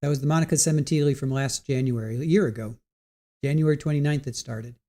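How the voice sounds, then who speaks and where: Man, livestream host, casual chatter with viewers, mellow voice, rambling restarts. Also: mid-range voice, fast. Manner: chatty, talks to viewers in chat, trails off and restarts. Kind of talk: casual live-stream chat. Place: home setup at a computer.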